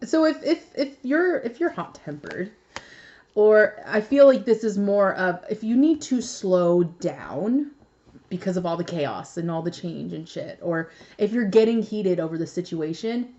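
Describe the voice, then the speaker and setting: A woman's voice: on the low side, animated, unhurried, warm tone, muffled recording. A young woman giving a casual tarot reading, chatty and blunt, swearing freely and laughing often. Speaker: tarot reader.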